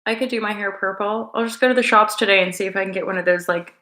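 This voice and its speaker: Bright, playful woman livestreaming. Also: medium pitch, fast, reverberant. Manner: rambling, playful, affectionate. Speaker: livestream host. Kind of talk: casual live-stream chat with viewers.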